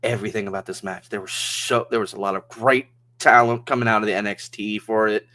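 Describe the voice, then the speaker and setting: A man co-hosting a wrestling podcast talks in a loose, excitable way. He laughs often and keeps restarting his sentences as he recaps the show. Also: fairly low pitch, fairly quick. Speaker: podcast co-host. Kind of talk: casual wrestling review chat.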